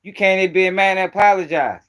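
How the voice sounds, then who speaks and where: Confrontational man, high-pitched, slangy. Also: quick pace, fairly bright tone. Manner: confrontational, profane, slangy, repeats himself. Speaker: host of a news commentary channel. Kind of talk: heated live-stream commentary.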